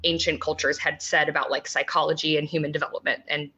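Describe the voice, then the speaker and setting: A woman guest on a podcast, explaining things in casual chat with many pauses and ums. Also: low-pitched, little pitch movement, pushed and bright.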